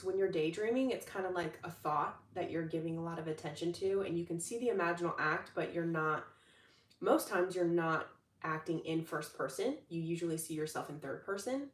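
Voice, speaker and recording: A young adult woman talking casually as a manifestation coach on a livestream, upbeat and chatty, with lots of fillers and restarts. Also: lowish voice. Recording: roomy echo, distant from the mic.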